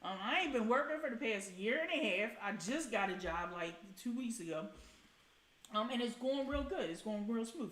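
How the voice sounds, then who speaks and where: Greeting viewers by name, a blunt, swearing livestream host keeps up casual, chatty commentary. Her voice is a little high, animated, and fairly bright, at a normal speed in an echoey room.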